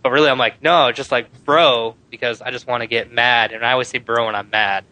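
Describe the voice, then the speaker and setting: Bright-voiced man, animated profane storyteller. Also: medium pitch, fast talker, poor audio. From Phoenix, USA. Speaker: podcast co-host. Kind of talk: casual gaming podcast chat.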